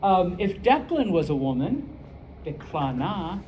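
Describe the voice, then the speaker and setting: A middle-aged man from the United States teaching a casual classroom lesson, rambling with lots of fillers and quick check-ins. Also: sits high, very animated, crowd noise, rough recording. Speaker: Spanish teacher.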